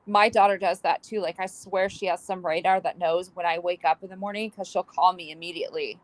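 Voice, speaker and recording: A woman's voice: lowish voice, a little fast, poor audio. Grandmother-age woman reading viewer comments. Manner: relaxed and agreeable, quoting viewers. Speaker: co-host.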